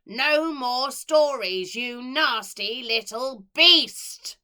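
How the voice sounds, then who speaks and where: A wicked old woman who runs an orphanage, as a woman reading aloud puts her on. She gloats in a loud, slow drawl with a bright, hard edge to her voice. A storybook villain who enjoys other people's misery. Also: fairly low pitch, fairly even intonation. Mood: furious. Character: evil old woman orphanage keeper, cruel and gleeful.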